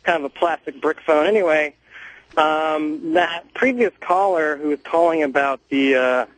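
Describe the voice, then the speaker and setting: A man calling in to a radio talk show over a muffled cell phone, speaking haltingly with many fillers. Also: fairly high pitch, fairly bright tone. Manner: hesitant, halting, lots of fillers. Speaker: caller.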